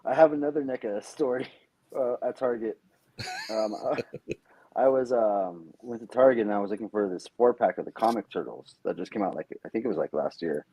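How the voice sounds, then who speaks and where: A man chatting as a podcast guest, telling stories with lively acted-out quotes. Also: on the low side, a little fast, slightly rough, no echo, rough recording. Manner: animated storyteller, acts out quotes. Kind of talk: casual podcast chat.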